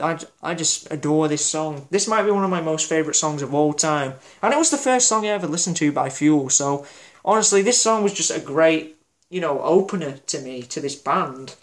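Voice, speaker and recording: A man's voice: a little high, fairly bright tone. A man giving a casual album review vlog, enthusiastic and rambling, with lots of fillers and restarts. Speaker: music reviewer.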